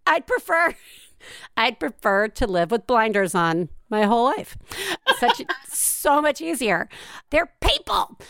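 A woman's voice: fairly high pitch, sing-song, slow, gravelly, fairly bright tone, dry recording. A woman hosting a podcast, chatting casually with an enthusiastic, giggly manner on a close mic. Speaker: podcast host.

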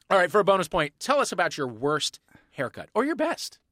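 A male podcast host with a quick, animated delivery whose pitch swings widely as he steers the quiz. He talks in playful mock outrage. The sound is close and dry. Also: no echo. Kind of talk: comedy panel chat.

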